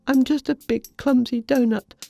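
A woman's voice: sits high, steady tone, normal speed, creaky, dark tone, faint music behind, voice pushed up. A woman voicing a cheerful, clumsy female doughnut who loves to dance, in a bedtime storybook. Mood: dejected. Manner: bubbly, eager, dramatic.

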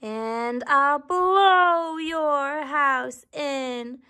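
A woman voicing a menacing, boastful big bad wolf in a storybook read-aloud, drawing out his threats slowly. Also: high-pitched, pushed and bright, voice pushed up, full character voice. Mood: threatening. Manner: drawn-out, slow threatening huffing.

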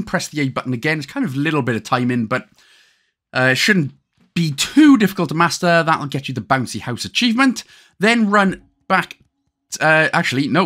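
A man's voice: fairly high pitch, pushed and bright. A man with a Welsh accent giving a chatty gameplay walkthrough commentary, full of joking asides and casual slang. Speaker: gaming guide host.

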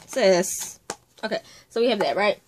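A young woman, a makeup artist, chatting through a casual unboxing vlog, gushing and often dropping into breathy whispered exclamations. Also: medium pitch, animated, takes it slowly, slight background noise.

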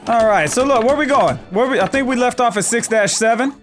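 A man's voice: extremely high pitch, fairly quick, fairly bright tone, soft background music. A man gaming with a friend, teasing him, laughing and swearing in casual banter. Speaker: gaming youtuber.

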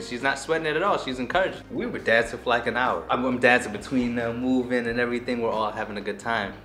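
Male vlogger, everyday mid-pitched voice, lively casual storyteller, faint music bed. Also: fast, few pauses. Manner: animated, acts out his own past lines and reactions. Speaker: vlogger telling a personal story.

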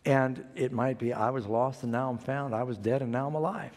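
A man's voice: medium pitch, steady tone, a little fast, a little mellow, big-room sound. An older man preaching a sermon as pastor, telling a story and acting out the quoted voices.

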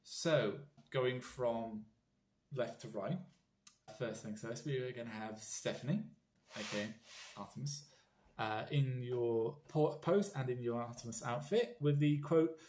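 A British man speaks at a middle pitch in an earnest, rambling way, often restarting his sentences. He delivers a heartfelt message to people he admires. His voice carries a noticeable echo from the room. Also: measured pace, a little mellow. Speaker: fan vlogger. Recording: roomy echo.

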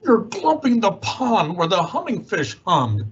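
A man voicing the Lorax, a grumpy old creature who scolds slowly in a croaking voice. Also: high voice, huge pitch swings, highs cut off, exaggerated voice. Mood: indignant. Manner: slow, scolding, croaking complaints.

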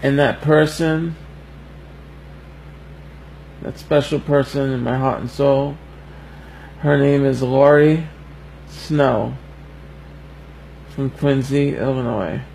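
Slow, gravelly-voiced man near tears. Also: medium pitch, fairly even intonation, a little mellow, slight background noise, low-quality recording. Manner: slow, halting and heartfelt, fighting back tears. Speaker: livestreamer. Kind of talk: emotional birthday message on a livestream.

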